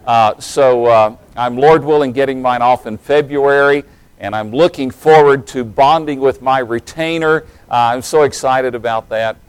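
A man around forty, raised in East Tennessee but speaking in a general American accent, delivers a sermon at a middle pitch. He moves between relaxed, joking asides and more emphatic stretches of preaching. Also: normal speed, smooth, no room sound, rough recording. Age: late 30s to early 40s. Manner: folksy and humorous, then rising to emphatic preaching.

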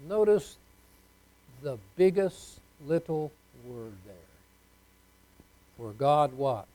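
A man preaching a sermon, leading the congregation in call-and-response and swinging between soft asides and loud, emphatic lines. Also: fairly high pitch, animated, extremely slow, pauses often, rough recording. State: unwell.

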